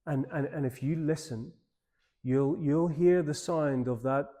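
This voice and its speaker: A man with an Irish accent, a pastor telling a personal story in a church seminar talk, in an informal, animated way. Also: on the high side, unhurried. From Ireland.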